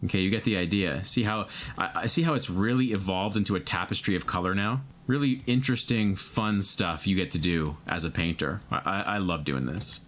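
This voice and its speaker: A man with a somewhat low voice teaches a painting lesson. He talks in a relaxed way, thinking aloud as he works. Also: brisk, hardly any pauses. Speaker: painting instructor.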